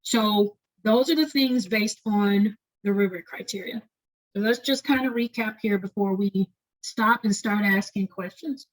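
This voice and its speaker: A woman leading an online lecture on doctoral writing, talking fast and often checking in with "right?". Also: medium pitch, low-quality recording. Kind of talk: webinar lecture.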